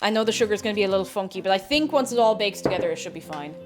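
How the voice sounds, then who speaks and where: A woman's voice: mid-range voice, expressive, racing. A young Irish woman chatting casually while she bakes on a live stream, rambling and talking to herself as she measures things out. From Ireland.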